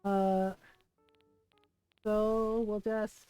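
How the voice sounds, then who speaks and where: Chatty woman streamer, mellow voice. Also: medium pitch, measured pace, no echo, soft background music. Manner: chatty, rambling storyteller. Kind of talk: casual gameplay chat.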